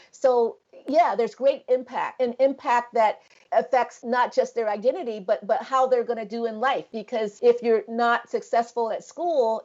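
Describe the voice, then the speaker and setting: A woman's voice: on the high side, darkish tone, muffled recording. A middle-aged woman researcher in a conversational interview, speaking thoughtfully with many fillers and restarts.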